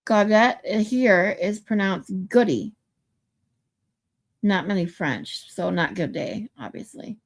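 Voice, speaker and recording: A woman's voice: medium pitch, expressive, slow, vocal fry. A woman hosting a casual livestream, chatting playfully and reading viewer comments aloud. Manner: playful, tries out pronunciations. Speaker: livestream host.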